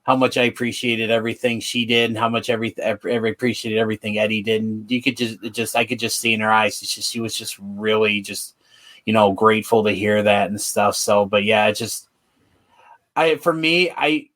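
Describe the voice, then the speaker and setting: Halting man on a podcast. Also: fairly low pitch, steady tone, a bit bright. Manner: halting, full of restarts and fillers. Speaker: podcast co-host. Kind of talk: casual podcast chat.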